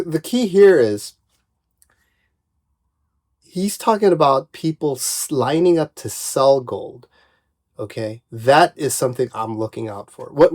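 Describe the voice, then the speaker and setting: A man's voice: mid-range voice, darkish tone, no echo, clean studio sound. A man hosting and commenting casually, explaining his points and often checking in with "right?". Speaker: host.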